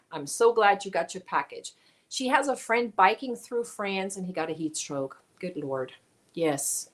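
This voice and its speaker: Chatty woman hosting a stream. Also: mid-range voice. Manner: chatty, greets viewers by name, warm thanks. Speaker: livestream host. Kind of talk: casual chat reading live comments.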